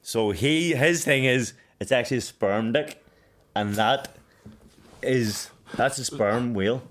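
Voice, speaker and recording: A man's voice: mid-range voice, takes it slowly. A man co-hosting a casual podcast, easygoing and agreeable, swearing casually. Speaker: podcast co-host.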